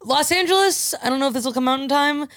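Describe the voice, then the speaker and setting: A young woman co-hosting a podcast in excitable casual chat, swearing and laughing. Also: high voice, quick pace, no room sound, studio quality.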